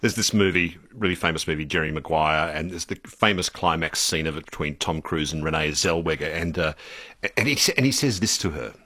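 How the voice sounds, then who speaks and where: A man's voice: rumbling low, a little fast, sharp tone, no echo. A male interviewer who tells an anecdote and then pushes back with probing questions. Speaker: host. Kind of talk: interview conversation.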